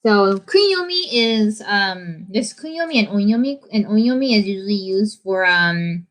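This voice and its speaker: Bubbly young woman hosting a chatty livestream, middle pitch. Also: expressive, measured pace. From United States. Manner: bubbly, chatty, switches between Japanese and English. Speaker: livestream host. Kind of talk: casual livestream chat.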